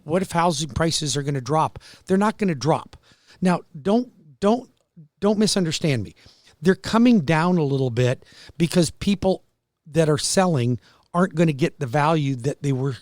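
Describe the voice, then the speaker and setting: A hoarse man hosting a talk radio show, pitching his services in an upbeat, emphatic, salesy way. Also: no echo. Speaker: radio show host and mortgage broker.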